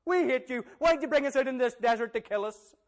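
A man voicing the grumbling Israelites in the desert, with a whiny, complaining delivery. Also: a little fast. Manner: whiny and high-pitched complaining.

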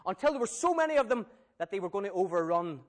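Preacher, lively storyteller, higher-pitched man. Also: fast. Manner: animated, questions the audience. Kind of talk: Bible storytelling sermon.

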